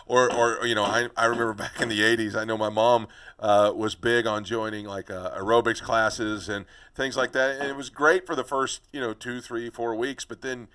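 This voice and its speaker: A man's voice: on the low side, a bit bright. A man hosting a podcast interview, chatty and conversational, often restarting and repeating words. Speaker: podcast host.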